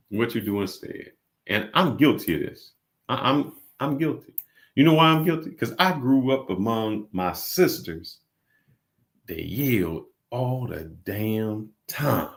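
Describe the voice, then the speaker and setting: Animated man telling stories in casual chat. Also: lowish voice, vocal fry. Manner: animated storyteller, acts out quotes. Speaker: vlog co-host.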